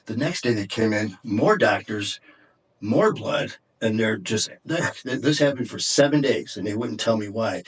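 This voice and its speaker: Husky-voiced man telling a harrowing story. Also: lowish voice, animated, unhurried. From Detroit area, USA. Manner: intense, profane, voice breaking with emotion. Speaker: podcast guest. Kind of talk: emotional storytelling in conversation.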